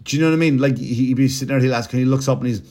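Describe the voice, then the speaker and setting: A man's voice: mid-range voice, racing, dark tone. A man hosting a podcast, telling a story in a rambling, profane, casual comedic way, with mocking impressions. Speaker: podcast host.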